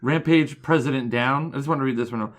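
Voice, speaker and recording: A man's voice: medium pitch, a little fast. A man co-hosting a pop culture podcast, riffing with dry, goofy jokes in casual chat. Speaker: podcast co-host.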